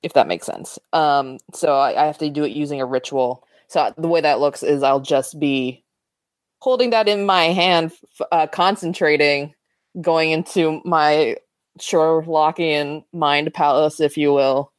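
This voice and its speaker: Female player, very low voice, dry close sound, chatty and laughing. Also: no room sound. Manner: chatty, quick to laugh, trips over words. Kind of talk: tabletop role-play.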